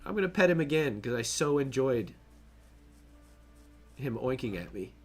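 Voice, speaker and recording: A man's voice: mid-range voice, sing-song, moderate pace, soft background music. A man casually narrating his own gameplay on a stream, chatty, joking and laughing to himself as he plays.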